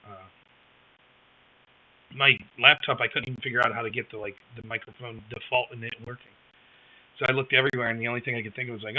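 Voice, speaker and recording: Speaking at normal speed with long pauses, this medium-pitched man runs a laid-back live stream from a rural home. He rambles with a wry edge and responds to chat over a wireless headset, whose mic sounds dull and lo-fi.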